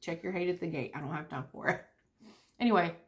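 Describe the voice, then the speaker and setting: Young woman, lowish voice, chatty and easygoing, talks while eating. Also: quick pace. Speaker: vlogger. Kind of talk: casual chat.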